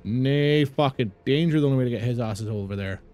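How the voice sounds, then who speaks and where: A man's voice: medium pitch, fast talker, dark tone, faint music behind. A man with a British accent doing live gameplay commentary, swearing and ranting at the game in exasperation. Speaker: streamer.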